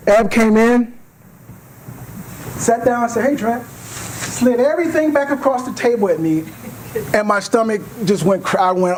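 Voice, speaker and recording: High-voiced animated male speaker. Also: normal speed, long pauses, a little hiss or hum, poor audio. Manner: animated, acts out voices in his stories. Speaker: guest speaker. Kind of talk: storytelling speech. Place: meeting hall.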